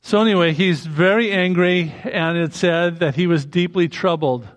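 A man's voice: a little high, normal speed, few pauses. A man preaching a sermon in a conversational way, breaking into emphatic rising bursts.

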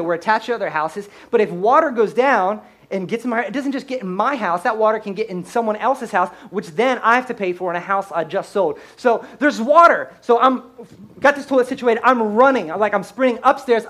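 High-strung, animated man preaching. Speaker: pastor. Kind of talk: storytelling sermon.

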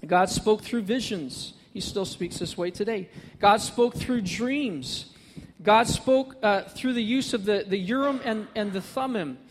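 A man's voice: sits high, unhurried, big-room sound, a little hiss or hum. A man preaching a sermon as pastor, earnest and building to emphatic repetition, speaking to a congregation.

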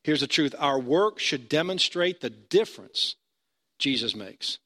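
A man's voice: fairly high pitch, expressive, a little slow, pushed and bright. A male pastor preaching a sermon in a conversational storytelling manner, building to emphatic points.

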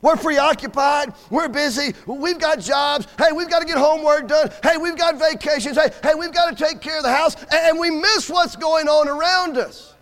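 Casting: high-pitched male preacher, folksy humor, amen calls, church hall reverb. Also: moderate pace, few pauses, fairly bright tone. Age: adult with school-age kids. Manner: folksy, joking storyteller with call-and-response amens. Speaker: guest preacher. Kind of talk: sermon. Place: church sanctuary.

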